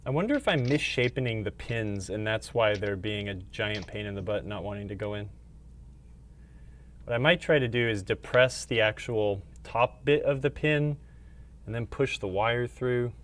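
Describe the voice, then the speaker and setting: A man's voice: on the low side, moderate pace. A man working on a pinball machine during a live stream, grumbling and joking at his own expense as he goes. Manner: grumbling, self-deprecating about the repair. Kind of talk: casual live-stream chat while working.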